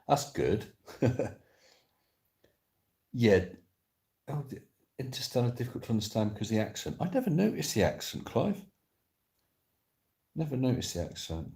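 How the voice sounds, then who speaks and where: Low-voiced man chatting casually on a live stream. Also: darkish tone. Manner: rambling, reads viewers' comments aloud and answers them. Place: sofa indoors at home.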